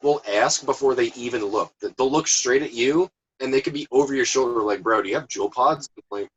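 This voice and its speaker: A man's voice: medium pitch, fairly quick, lo-fi sound. A man chatting casually with friends, chiming in and quoting customers. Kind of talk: casual chat.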